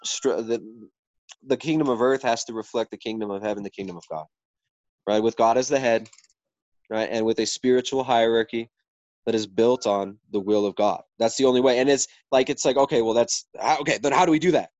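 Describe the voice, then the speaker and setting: A man's voice: medium pitch, fairly quick, a little mellow, no room sound, lo-fi sound. A man in a casual debate, arguing earnestly about faith and society, often restarting and checking in with "right?".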